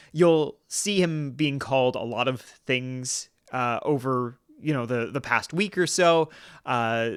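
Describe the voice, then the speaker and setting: Male podcast host, middle pitch, dry close sound, earnest and halting delivery. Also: a bit bright, smooth, no room sound. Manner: earnest, halting, many restarts and fillers. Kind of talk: political podcast commentary.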